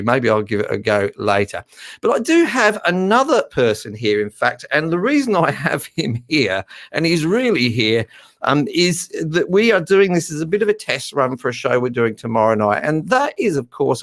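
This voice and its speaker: A middle-aged man hosts a live stream in casual chat. He rambles warmly along with plenty of ums and uhs and sounds a touch nervous. His pitch sits in an ordinary middle range. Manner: chatty, slightly nervous, many fillers.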